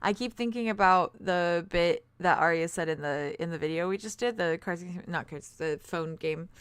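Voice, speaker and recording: A woman's voice: lowish voice, moderate pace, smooth, no echo. A woman running a tabletop game, chatting with players between scenes and laughing often. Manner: giggly, effusive. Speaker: game master.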